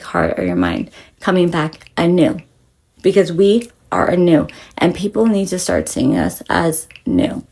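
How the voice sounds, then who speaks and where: Gravelly, husky woman giving a rambling pep talk. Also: fairly low pitch. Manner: rambling, profane, emphatic, dropping to soft whispers. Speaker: spiritual reader. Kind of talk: casual spiritual pep talk.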